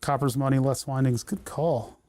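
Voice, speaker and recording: Mellow-voiced man soldering on a livestream. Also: medium pitch, fairly even intonation, normal speed. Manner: thinks aloud and talks to the parts he works on. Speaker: electronics livestreamer. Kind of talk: casual livestream commentary while soldering.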